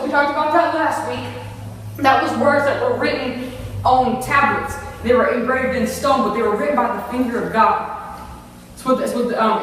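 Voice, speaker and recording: A woman's voice: fairly high pitch, slight background noise. Woman preacher, earnest, restarts often; distant, reverberant hall sound. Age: older. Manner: earnest, many restarts and asides. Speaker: youth ministry speaker. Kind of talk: sermon. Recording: echoey hall from far off.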